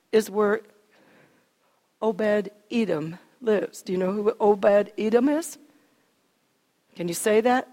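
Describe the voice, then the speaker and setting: A woman preacher retelling a story in animated sermon style, asking her listeners questions. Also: mid-range voice. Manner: animated, acts out scenes, asks the audience questions. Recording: long reverb of a hall.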